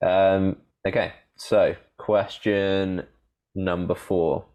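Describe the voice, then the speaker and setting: A man with a very low, deep voice co-hosts a relaxed podcast chat, setting a quiz for his co-host. He rambles haltingly with lots of fillers and restarts, and laughs easily.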